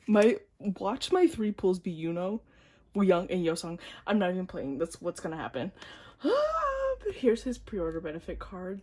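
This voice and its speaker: A woman chatting casually to camera while unboxing, excitable and prone to gasps and squeals, then dropping into quiet mumbles. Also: medium pitch, measured pace, slightly rough. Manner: drops to quiet mumbles between outbursts. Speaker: vlogger unboxing albums.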